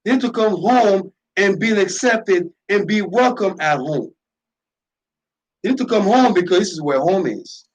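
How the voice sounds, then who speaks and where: A man's voice: sits high, animated, a little slow, rough recording. A man hosting a radio talk show, delivering an impassioned, preachy monologue with lots of repetition and emphasis.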